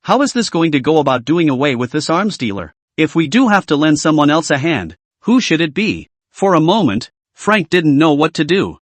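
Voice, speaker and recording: A man narrates a comic story recap with animated, lively pitch swings. His voice sits a little high and sounds dry and close to the mic. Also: normal speed, hardly any pauses, no echo.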